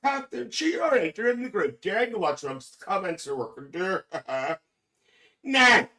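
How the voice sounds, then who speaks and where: Far from the mic, a man voices a cheeky, gossipy older auntie on his live stream, his high-pitched delivery pushed up, bright, and heavily acted. He's very animated at a moderate pace, calling everyone dear and laughing often.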